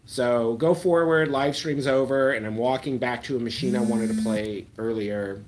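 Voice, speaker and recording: With a medium-pitched, slightly mellow voice at a normal pace, this man runs a slot-machine live stream, chatting and replying to comments. His talk meanders, full of ums, and his sentences fade into mumbles.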